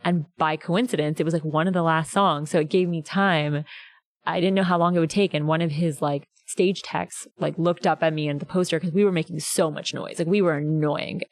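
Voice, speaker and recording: Podcast guest, woman in her twenties, a chatty singer with a lowish voice who acts out the people in her stories. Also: fairly even intonation, brisk. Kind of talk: casual interview storytelling.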